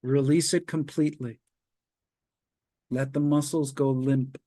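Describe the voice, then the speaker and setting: This is a man's medium-pitched voice on a video call, where he works as a psychologist running a webinar. He calmly walks his audience through progressive muscle relaxation, using slow, stepwise prompts and long silences.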